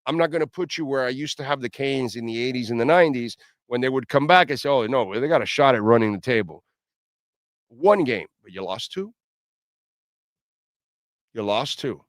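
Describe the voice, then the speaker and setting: A man's voice: mid-range voice, no echo, clean studio sound. A middle-aged man hosting a sports talk radio show, ranting bluntly and lecturing listeners.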